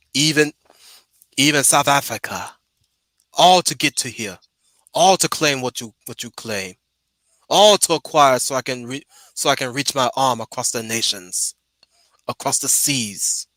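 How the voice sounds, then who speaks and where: A man playing a cold, boastful male warlord villain, speaking low, quiet and menacing. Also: unhurried, long pauses, no echo.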